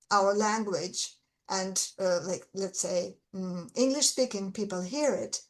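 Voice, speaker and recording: A woman's voice: medium pitch, low-quality recording. A Russian-accented woman, an English teacher, explaining things earnestly and stressing her key words in casual conversation.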